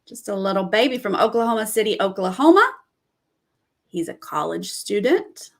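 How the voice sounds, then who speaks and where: A woman's voice: medium pitch, big pitch swings, normal speed, gravelly. A woman hosting a casual reaction vlog, reading out cast bios and giving candid, chatty comments on each. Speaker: reality TV commentator.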